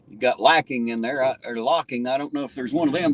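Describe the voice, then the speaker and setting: A man's voice: mid-range voice, brisk, few pauses, recorded from a distance, noisy background. A man from Southern Ohio with a drawl, hosting a casual livestream chat, blunt and swearing freely. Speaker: livestream host.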